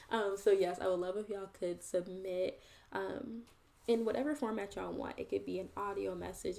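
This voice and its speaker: A woman's voice: medium pitch, gravelly, a little mellow. A woman hosting her own video channel, talking earnestly and reflectively straight to her viewers in a casual, chatty way. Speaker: host and poet. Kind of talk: casual vlog monologue to viewers.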